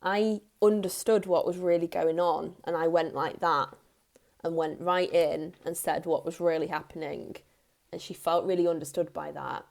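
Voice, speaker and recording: A woman in her thirties, a parenting coach, giving earnest advice straight to the camera in a soft tone, repeating key phrases for emphasis. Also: lowish voice, steady tone, moderate pace, gravelly. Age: 30s. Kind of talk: direct-to-camera advice talk.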